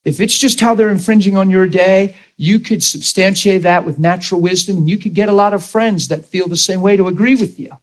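A man's voice: high voice, a little fast, few pauses, low-quality recording. A man teaching a ministry class in a blunt, conversational way, often acting out the people he quotes. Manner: animated, blunt, acts out quoted voices.

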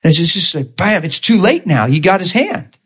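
Male preacher, slightly high and husky, storytelling sermon style. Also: sing-song, a little fast, a bit bright. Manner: storytelling, quoting both sides of conversations. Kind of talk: sermon with acted-out stories.

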